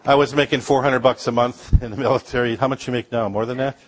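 A man's voice: medium pitch, steady tone, quick pace. A middle-aged man from Upper Michigan, a missionary speaker telling humorous stories to a congregation with asides and laughs. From Upper Michigan, USA.

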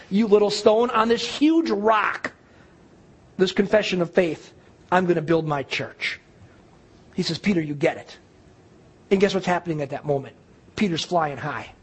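High-voiced husky preacher. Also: male voice. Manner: animated storytelling, acting out quoted dialogue. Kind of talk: sermon.

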